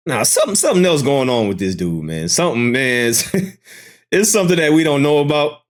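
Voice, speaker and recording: A man's voice: medium pitch, very animated, a little fast. A man comments on clips in a casual, amused way, brushing things off. His voice sits mid-range but swings up and down a lot. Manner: dismissive, amused. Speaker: commentary host.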